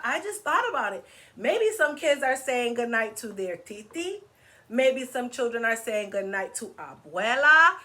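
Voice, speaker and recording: A high-voiced woman runs a children's story time. She sings the rhymes, asks the little ones questions and coaxes them to act out each step with her. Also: pushed and bright. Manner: playful, coaxing, asks kids to join in. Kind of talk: read-aloud with singing and movement.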